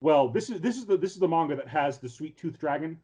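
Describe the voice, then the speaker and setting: A man's voice: on the high side, animated, fast talker, a little mellow, slightly rough. A man on a casual podcast recapping an anime episode in a rambling way, full of ums and restarts. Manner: rambling, filler-heavy storytelling with many restarts. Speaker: podcast co-host.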